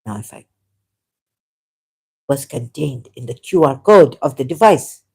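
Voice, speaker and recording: Still sore from a recent cough, this ex-Muslim vlogger reads an article aloud in non-native English, wandering into commentary with hesitations, self-corrections, and many small laughs. The voice sits mid-range, a little slow, creaky and slightly rough, darkish in tone yet lively in intonation.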